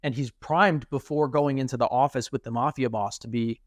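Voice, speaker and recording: A young man co-hosting a podcast in casual chat, animated and acting out quoted speech. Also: mid-range voice, moderate pace, no room sound, clean studio sound. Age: young adult. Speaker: podcast co-host.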